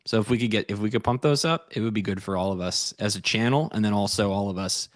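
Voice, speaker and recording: A man's voice: fairly low pitch, fast talker, dry recording, clean studio sound. A man co-hosting a live futures trading stream, chatting easily and laughing often. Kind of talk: casual live-stream banter.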